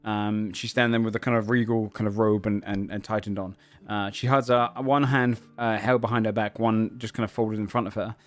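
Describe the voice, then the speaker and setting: A man runs a tabletop game as game master, narrating casually with many fillers like "um" and hedges like "kind of." His lowish voice is flat and fairly quick with hardly any pauses, captured in a dry recording.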